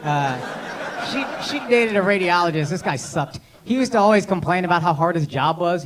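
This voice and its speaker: Brisk and animated, this man's high voice carries his brash, profane crowd work at a comedy club. The comedian, in his thirties, needles audience members through a handheld mic while loud laughter and clapping fill the live set.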